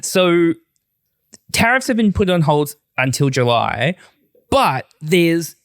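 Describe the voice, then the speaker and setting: A man's voice: on the high side, big pitch swings, slow, no echo, clean studio sound. A man hosting a podcast, chatty and inquisitive, full of casual fillers. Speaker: podcast host. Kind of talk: casual chat.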